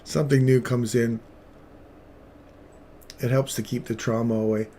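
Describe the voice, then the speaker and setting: A man's voice: medium pitch, flat delivery, a little slow, mellow. A man hosting a live trading stream, rambling between chatty asides and market commentary with playful remarks to viewers.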